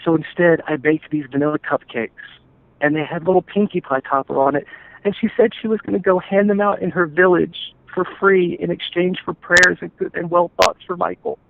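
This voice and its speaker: A man telling his family's story in an interview, earnest and halting, often restarting his sentences. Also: sits high, steady tone, creaky, a little hiss or hum. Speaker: interview guest, stepfather. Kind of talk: emotional personal account. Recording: tinny phone-like call audio.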